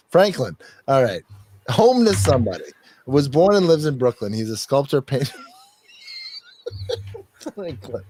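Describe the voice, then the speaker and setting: Animated, joking male podcast host. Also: mid-range voice, a little hiss or hum. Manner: rambling, joking, swears and laughs often. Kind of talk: casual chat, reading contributor bios aloud.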